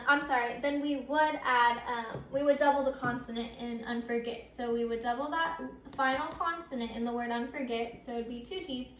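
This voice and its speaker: A woman's voice: on the high side, fairly bright tone, a little hiss or hum. A woman teacher explaining grammar step by step, repeating her points with frequent ums. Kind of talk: recorded grammar lesson. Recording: echoey room.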